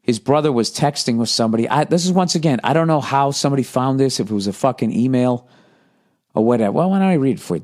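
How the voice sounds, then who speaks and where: A man's voice: mid-range voice, animated, fast, darkish tone. A man in his forties doing a casual, profane comedic rant as a podcast host, laughing at his own jokes.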